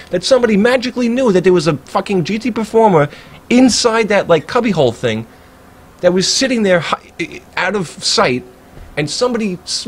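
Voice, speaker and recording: Profane New man ranting. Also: fairly high pitch. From Staten Island, New York. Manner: heated, profane, rambling. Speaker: livestreamer. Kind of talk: casual ranting chat.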